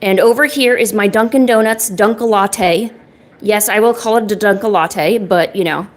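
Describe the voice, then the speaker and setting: A woman's voice: medium pitch, moderate pace. Rambling self-deprecating young woman streamer. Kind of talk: casual chat while drawing.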